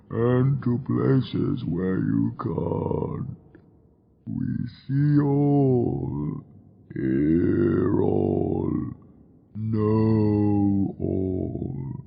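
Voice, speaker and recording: A man voicing a tall, many-armed male demon with a low, mournful tone, speaking in a very slow, drawn-out menacing way. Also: vocal fry, dull audio, exaggerated voice.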